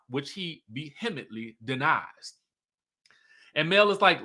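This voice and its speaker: Man, high voice, casual gossipy recap, playful. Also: sing-song, a little slow, sharp tone. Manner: sassy, playful, laughs often, quotes cast members. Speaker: show recap commentator.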